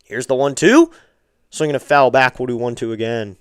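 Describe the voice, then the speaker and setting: A man calling amateur baseball play-by-play on a live stream, calm between pitches and lifting his voice on each hit, with chatty asides to viewers. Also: normal speed, clean tone, no room sound, clean studio sound.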